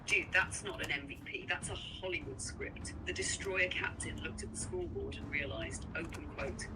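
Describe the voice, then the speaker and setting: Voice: mid-range voice, moderate pace, hardly any pauses, heavy background noise. A text-to-speech companion voice giving dramatic mock commentary, reading quote marks aloud. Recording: distant voice under loud music.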